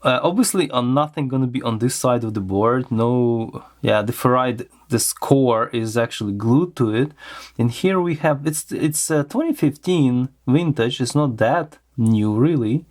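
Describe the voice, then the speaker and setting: A man with a delivery talks slowly through a hands-on electronics teardown. His voice sits at a middle pitch, and he muses aloud with plenty of fillers and restarts. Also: a little mellow. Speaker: electronics teardown channel host. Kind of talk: casual hands-on teardown commentary.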